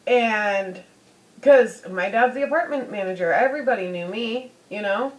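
A woman's voice: mid-range voice, moderate pace, poor audio. A woman beauty vlogger telling a personal story in a chatty way, full of "you know"s. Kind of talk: casual storytelling.

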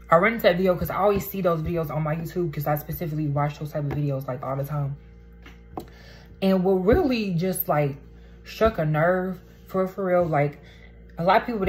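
A woman's voice: low voice, a little mellow, low-quality recording. A young woman, talking bluntly and swearing freely in a casual vlog rant at home. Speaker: vlogger. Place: indoors at home, poor lighting.

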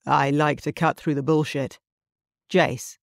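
A blunt, direct man with a weary edge, as a woman narrator plays him, spoken a touch lower and slower than her own voice. He talks plainly and cuts to the point. The studio recording is dry and close. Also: steady tone, vocal fry, dry recording.

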